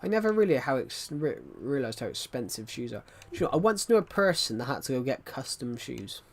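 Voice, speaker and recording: A man's voice: medium pitch, very animated, fairly quick. A man chatting casually on a livestream, rambling and restarting his sentences as he talks to viewers.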